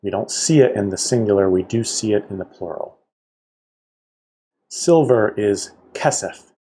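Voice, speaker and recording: Male teacher, husky and low, unhurried, careful drill of vocabulary words. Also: lively intonation, warm tone. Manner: slow, careful pronunciation with explanations. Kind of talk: vocabulary lesson read aloud.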